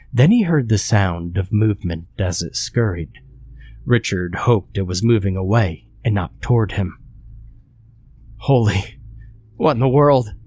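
Low-voiced male horror narrator. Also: a little mellow. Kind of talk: scary story narration.

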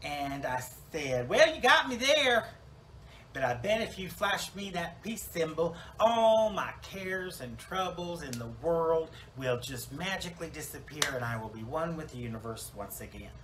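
A man's voice: on the high side, expressive, normal speed, few pauses, a little hiss or hum, lightly acted, poor audio. A man voicing a chatty, self-absorbed woman salon owner newly dead in heaven, rambling with fillers and restarts in a comic church monologue. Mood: wry rambling. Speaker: preacher in character.

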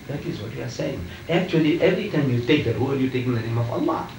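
A man's voice: medium pitch, lively intonation, brisk, darkish tone, a little hiss or hum. An older man in a heated religious debate, emphatic and repetitive, pressing his listeners with questions. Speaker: debating preacher. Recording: roomy and distant, faint ambience.

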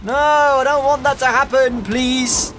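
A young man giving excitable let's-play commentary, shouting and laughing as he plays, over game music. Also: very high-pitched, unhurried. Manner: excitable, loud exclamations, giggly, talks to viewers as "boys". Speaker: gaming YouTuber.

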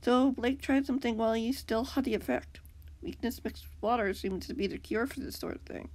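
A woman reading the lines of a gentle, caring young woman in a fan story, in a near-everyday voice. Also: a little high, fairly quick, lightly acted. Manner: gentle and reassuring.

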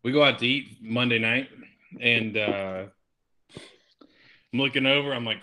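A man co-hosting a casual beer podcast, excitable and jokey, often laughing and swearing as he tells stories. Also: mid-range voice, a little slow. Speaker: podcast co-host. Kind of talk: casual chat over beers.

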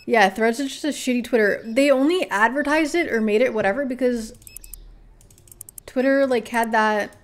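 Chatty woman streaming a game, slightly high voice. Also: moderate pace. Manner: chatty, offhand, swears casually, reads out items to herself. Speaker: livestreamer. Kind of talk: casual live-stream chat while gaming.

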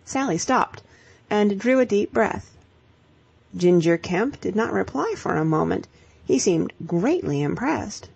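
Husky, gravelly woman narrating a novel. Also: mid-range voice, big pitch swings, measured pace, a little mellow. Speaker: audiobook narrator. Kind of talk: scripted audiobook narration.

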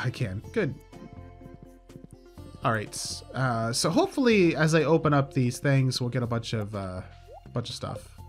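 A man casually commenting on his gameplay, upbeat and chatty with dry sarcastic asides. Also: medium pitch. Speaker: let's play host.

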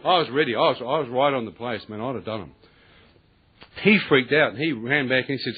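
Male preacher, husky voice on a tinny recording, tells his story with lively acted-out dialogue. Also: medium pitch, fast. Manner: animated storyteller, acts out voices, laughs often, colloquial. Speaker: preacher giving testimony. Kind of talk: testimony sermon.

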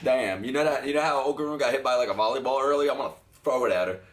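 A young man hosting an anime reaction video, talking excitably, swearing freely and often laughing. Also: mid-range voice, very fast. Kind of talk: live reaction commentary.

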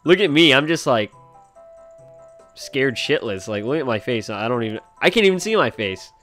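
A man's voice: mid-range voice, very animated, moderate pace, bright, forceful tone, soft background music. A man giving casual, rambling and profane commentary on a video game from his home, joking as he plays. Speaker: gaming channel host. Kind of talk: casual let's play commentary.

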